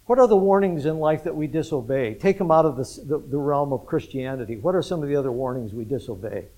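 A man's voice: mid-range voice, fast talker, few pauses, mellow, rough recording. A man preaching an interactive sermon, talking casually, asking the congregation questions and chuckling often. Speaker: pastor.

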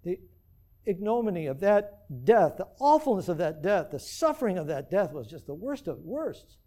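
The church's pastor delivers a sermon in a mellow, fairly high voice with a sing-song lilt and moderate pace. He is earnest, repeatedly turning to his congregation with rhetorical questions.

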